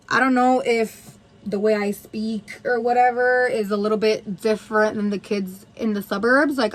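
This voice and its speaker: A woman's voice: on the high side, a bit bright, rough recording. A woman in her twenties from New Haven, telling a candid, profanity-filled story time while doing her makeup. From New Haven, USA. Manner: candid, heavy swearing, lots of "like". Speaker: vlogger.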